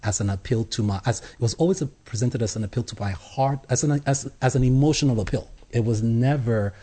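A man telling his personal faith story as an interview guest, earnest, with halting restarts. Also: mid-range voice, dark tone. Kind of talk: personal testimony in conversation.

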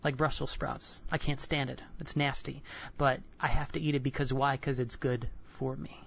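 A man in his twenties giving an earnest, candid personal devotional sermon, halting and restarting often. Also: mid-range voice, level tone, vocal fry, a little hiss or hum. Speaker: Christian devotional speaker. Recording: dull lo-fi dry recording.

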